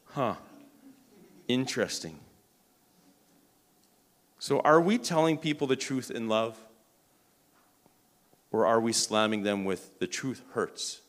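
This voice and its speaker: Male preacher, sermon storytelling, animated, stumbles and repeats words, mid-pitched voice. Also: takes it slowly, long pauses. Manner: animated, acts out quoted dialogue; frequent restarts and repeated words.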